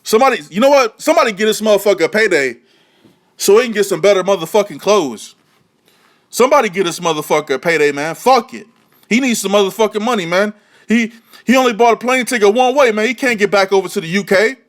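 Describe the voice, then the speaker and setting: High-voiced man ranting heatedly. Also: animated, fast. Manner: heated, mocking, repetitive. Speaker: boxing vlogger. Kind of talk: profane ranting commentary.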